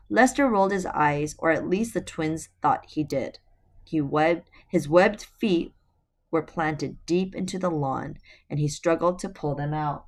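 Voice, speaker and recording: Low-voiced woman reading a storybook aloud. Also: measured pace. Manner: chatty asides to viewers. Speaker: storybook reader. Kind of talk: reading a novel aloud to viewers. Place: at home, on her bed.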